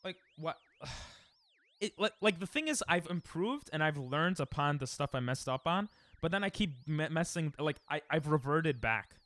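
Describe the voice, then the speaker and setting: A young man chatting casually and excitably while he streams a speedrun, joking and breaking into laughter. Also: on the high side, moderate pace, dry recording. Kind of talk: casual gaming stream chat.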